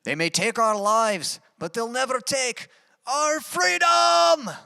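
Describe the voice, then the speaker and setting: A man putting on a Scottish accent to play a yelling rebel warrior, belting out a slow battle cry. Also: very high voice, vocal fry, clear, resonant tone, pitched above the performer's own voice, heavily acted. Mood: defiant. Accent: Scottish, put on. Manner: shouted battle cry, drawn out.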